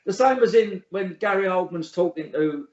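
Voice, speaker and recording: A middle-aged man talks bluntly and scornfully in a slightly high voice, swearing freely as he laughs things off. The room echoes, and the recording sounds dull and lo-fi. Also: normal speed, a little mellow. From England. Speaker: interview guest, author. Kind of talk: casual interview chat.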